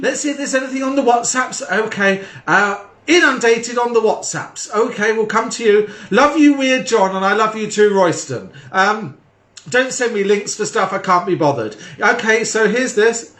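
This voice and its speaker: Guy hosting a crude late night call-in from home, deadpan, really high voice, echoey. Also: normal speed. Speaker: host. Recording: echoey room.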